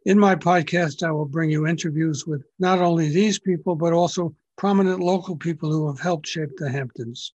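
An older man hosts an interview podcast from his home, his voice sitting a little high. He opens with a measured, scripted welcome, then moves into plain, direct questions for his guest. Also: a little mellow, husky, muffled recording. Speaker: podcast host.

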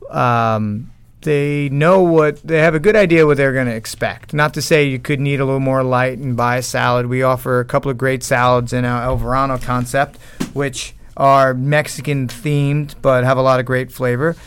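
Guy guest from a food company, smooth clear voice, kinda careful answers. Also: medium pitch, fairly even intonation. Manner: measured, careful, a bit hesitant. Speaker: guest, restaurant company executive. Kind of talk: interview answers.

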